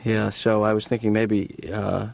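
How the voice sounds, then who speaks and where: A man's voice: lowish voice, little pitch movement, normal speed, gravelly, a little mellow, no echo. A man voicing an aimless young adult son who rambles and stammers while asking for a favor. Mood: wheedling.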